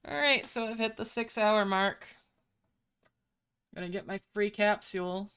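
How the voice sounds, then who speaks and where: A woman's voice: mid-range voice, unhurried, fairly bright tone, smooth. A woman giving casual, chatty commentary while playing a mobile game, musing aloud between moves on a desk microphone.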